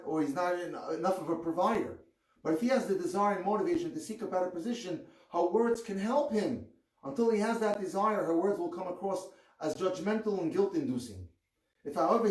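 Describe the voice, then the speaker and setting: A man giving an earnest rabbi's lecture on marriage, reading with expressive rises on key words. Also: a little high. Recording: echoey room, far from the mic.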